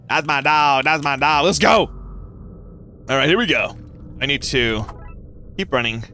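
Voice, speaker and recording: A young man from North Carolina giving casual, rambling gameplay commentary as a gaming YouTuber, giggly and excitable. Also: a little high, normal speed, pauses often.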